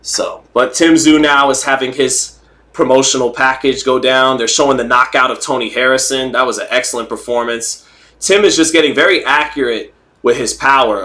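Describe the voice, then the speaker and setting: A man hosting a casual livestream, rambling, joking and reading chat comments out loud. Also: medium pitch. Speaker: livestream host.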